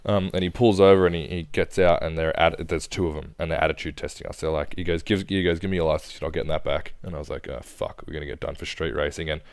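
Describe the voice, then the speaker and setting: A man's voice: very deep voice, steady tone, fast, hardly any pauses, clear, resonant tone, no room sound. A young Australian man telling stories in a casual podcast chat, laid-back and swearing often. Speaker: podcast co-host.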